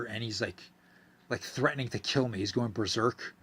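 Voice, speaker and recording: Slightly tipsy and slurring, a young podcast host meanders through a profane story, stumbling over fillers and starting sentences again. He speaks in a mid-range, fairly bright voice at a moderate speed, with a little hiss or hum in the background.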